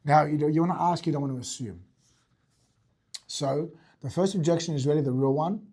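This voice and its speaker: A man teaching sales to a group, talking fast and blunt with a slightly husky voice pitched a little high. He swears casually and keeps checking in with his listeners. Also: warm tone. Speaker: fitness business owner and sales coach. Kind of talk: teaching talk to an audience.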